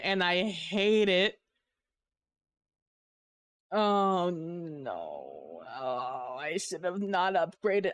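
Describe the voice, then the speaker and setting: A woman streamer chatting casually to her audience, complaining dramatically with drawn-out groans and exasperated sighs. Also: medium pitch, clear, resonant tone. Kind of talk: casual live-stream chat.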